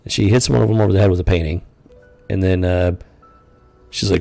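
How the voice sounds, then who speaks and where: A man's voice: low-pitched, fairly even intonation, brisk, vocal fry, long pauses, darkish tone, dry recording, faint music behind. A man hosting a live stream, commenting casually and rambling with lots of fillers and incredulous asides. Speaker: podcast host.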